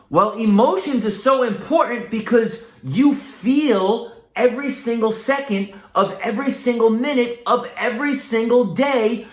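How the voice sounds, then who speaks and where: A man teaching a class for children in a lively, encouraging way, often asking the listener questions and having them repeat phrases. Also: high-pitched, echoey room.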